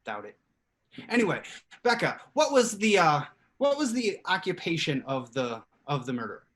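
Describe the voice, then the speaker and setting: A man's voice: fairly high pitch, big pitch swings, moderate pace, a bit bright. A man hosting a live improv comedy show over a video call, chatty and upbeat with lots of fillers. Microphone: home computer mic on video call.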